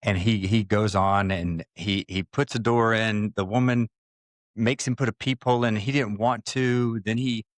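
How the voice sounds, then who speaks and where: A man with a fairly low voice co-hosts a casual podcast, telling a story with animated, acted-out quotes. His voice is recorded close and dry, with no room sound. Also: normal speed, no echo. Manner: acts out quoted voices, takes firm stances. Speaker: podcast co-host.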